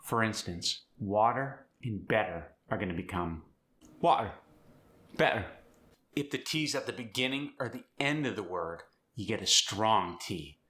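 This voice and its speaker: A man's voice: fairly low pitch, animated, normal speed, few pauses, bright, forceful tone. A man teaching an in an upbeat, step-by-step tutorial. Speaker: accent coach. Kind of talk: instructional tutorial.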